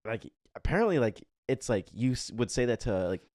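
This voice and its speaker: A young man co-hosting a podcast, telling a travel story in casual chat and clearing his throat now and then. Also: mid-range voice, big pitch swings, fairly quick, darkish tone, dry recording, studio quality. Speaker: podcast co-host.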